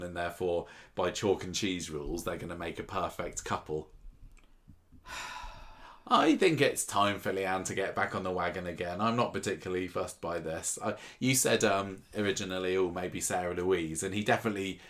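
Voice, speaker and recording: Low-voiced man chatting and laughing. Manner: laughs often, animated. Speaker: podcast co-host. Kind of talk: casual chat recapping a soap.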